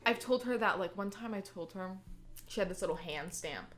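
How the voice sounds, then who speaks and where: A woman's voice: medium pitch, expressive, normal speed, faint music behind. Chatty young woman full of fillers. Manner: chatty, many fillers, bursts into laughing storytelling. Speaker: guest. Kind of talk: casual interview chat.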